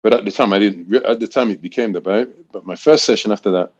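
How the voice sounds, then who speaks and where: A man's voice: lowish voice, fast, darkish tone, highs cut off. A man in his sixties from Great Britain, a college throws coach telling stories in a casual interview, rambling with frequent restarts.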